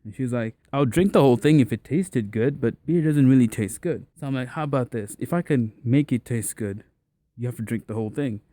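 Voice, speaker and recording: A young man casually telling a personal story to the camera in a relaxed, slangy way, acting out the people in it. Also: medium pitch, brisk, no room sound. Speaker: vlogger.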